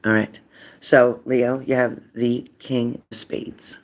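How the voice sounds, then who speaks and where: Man, gravelly voice, casual psychic reading, animated, shifts between loud and whispered. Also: medium pitch, slow pace. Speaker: psychic card reader.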